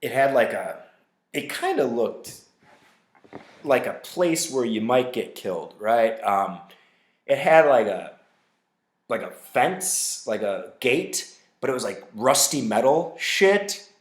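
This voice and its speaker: A man hosting a podcast, telling a story casually in a loose, profane, animated way with lots of fillers. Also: medium pitch, slow pace, pauses often. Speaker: podcast host. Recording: roomy echo.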